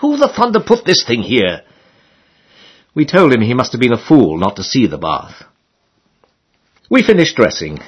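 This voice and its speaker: A man's voice: medium pitch, slightly rough, highs cut off. A man narrating a comic classic novel as an audiobook, with a dry, mock-solemn delivery. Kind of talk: scripted narration.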